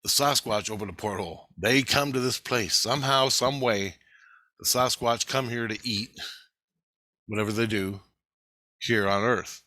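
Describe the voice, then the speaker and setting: A man recounting a dream in a rambling first-person account, excitable and profane, often repeating himself. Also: lowish voice, unhurried, no room sound. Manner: excitable, profane, repetitive storytelling.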